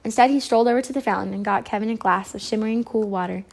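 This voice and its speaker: A woman reading a children's storybook aloud, expressive narration. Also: fairly high pitch, racing, creaky. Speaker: storybook reader.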